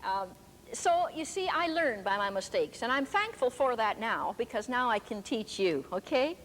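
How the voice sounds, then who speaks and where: A woman's voice: fairly high pitch, sing-song, moderate pace, a bit bright. An older woman preaching a sermon, telling stories emphatically. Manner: emphatic storytelling. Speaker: preacher and teacher. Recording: echoey hall with faint background noise.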